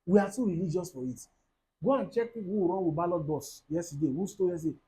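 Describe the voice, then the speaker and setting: High-voiced Nigerian preacher. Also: male voice, fast talker, poor audio. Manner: lively preaching, mixes in pidgin, acts out quoted voices, laughs. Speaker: pastor. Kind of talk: sermon.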